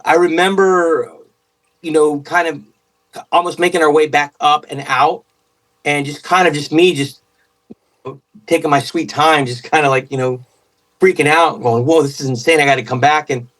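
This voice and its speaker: Guy on a podcast, kinda high voice, excitable, keeps restarting, sits a bit back from the mic. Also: a little slow, long pauses, far from the mic, low-quality recording. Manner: excitable, rambling with many restarts. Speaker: podcast guest. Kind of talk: casual storytelling.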